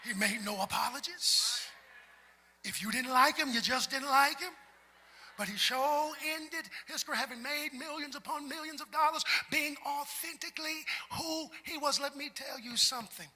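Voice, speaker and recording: A man preaching a sermon as pastor, talking with the congregation and building up to shouts. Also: very high voice, normal speed. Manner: preacherly, call-and-response, climbs to shouts. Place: large church sanctuary. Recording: long hall reverb in a large sanctuary.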